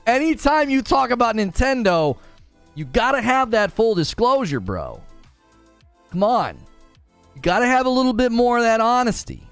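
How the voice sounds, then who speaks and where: Young guy streamer from northern ohio, high bouncy voice, teasing chat and laughing, dry close mic, a little music behind. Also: wildly swooping pitch, a little slow, pauses often, smooth, dry recording. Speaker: gaming streamer. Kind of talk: casual live-stream chat.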